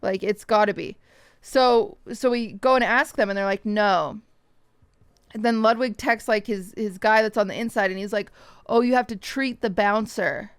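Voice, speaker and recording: A young woman streamer casually telling her viewers a story, swearing freely and quickly mimicking other people's lines. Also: mid-range voice, smooth, no echo.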